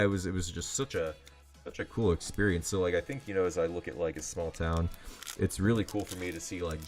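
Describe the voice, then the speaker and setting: A man selling trading cards on a livestream in casual, rambling chat full of fillers. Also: low voice. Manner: rambling and chatty, heavy on fillers. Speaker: livestream card seller.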